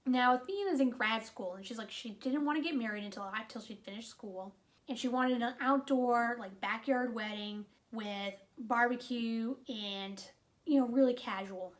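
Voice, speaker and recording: In a chatty, informal movie review, a woman whose voice sits on the high side recounts the plot at a moderate pace. She peppers it with lively, exasperated asides and frequent use of "like."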